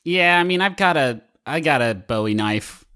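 A man's voice: fairly high pitch, lively intonation, moderate pace, pushed and bright, clear, resonant tone. A man playing a tabletop game, hesitant and self-deprecating. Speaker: player. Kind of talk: casual tabletop play.

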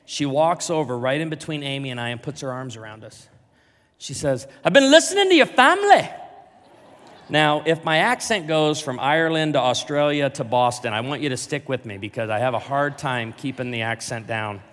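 A male pastor telling a jokey, animated story in a sermon, with big swings in volume. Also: mid-range voice, brisk. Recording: large hall reverb.

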